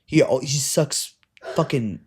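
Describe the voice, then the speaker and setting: A young adult man, a wrestling coach, telling stories in casual podcast chat, animated and full of swearing. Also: medium pitch, measured pace, breathy edge. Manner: profane, animated storyteller.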